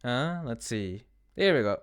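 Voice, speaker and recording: A man's voice: mid-range voice, lively intonation, unhurried, smooth. A man streaming a game live, chatting with viewers, laughing often and reading the game text aloud.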